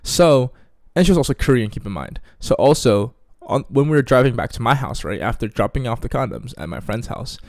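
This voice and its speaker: A man's voice: medium pitch, lively intonation, a little fast, darkish tone, no echo. Young male vlogger with a slangy, chatty storytelling manner and a dry close mic. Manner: slangy, keeps asking "you feel me?". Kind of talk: casual storytime vlog.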